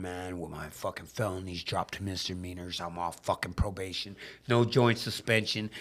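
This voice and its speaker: A man from Southern California in casual conversation, animated, swearing freely as he acts out both sides of a dialogue. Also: mid-range voice. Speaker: podcast guest in recovery. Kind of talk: casual storytelling.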